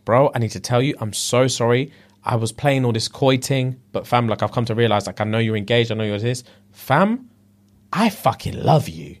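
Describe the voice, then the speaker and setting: Male podcast co-host, lively storyteller, pitch swinging widely as he acts out every line. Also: moderate pace. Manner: animated storyteller, acts out quotes, heavy slang. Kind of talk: casual chat, retelling a reality show.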